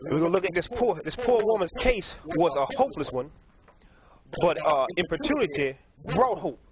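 A man's voice: fairly high pitch, very animated, moderate pace, a crowd in the background. A male preacher delivering a sermon in a folksy, repetitive way, often stopping to correct himself and laughing at his own stories. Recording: congregation heard behind.

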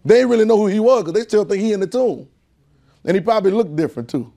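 Male preacher, sermon delivery, folksy asides to the congregation, climbs in pitch and volume on key points. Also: lively intonation, quick pace, vocal fry, dark tone. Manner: call-and-response preaching, building in pitch and volume.

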